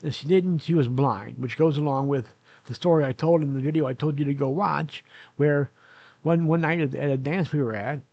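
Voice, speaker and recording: With a fairly high, creaky voice at normal speed, an older man recounts a long personal story to his own camera from a nursing home room. He meanders, corrects himself, and leans on "uh" to fill gaps. The audio is dull with no echo.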